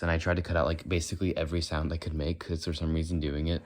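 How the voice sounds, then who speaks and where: A man's voice: extremely low pitch, level tone, racing. An American man chatting casually in a walk-and-talk vlog, rambling and questioning himself as he goes. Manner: rambling, self-questioning, slips in and out of mock accents. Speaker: vlogger.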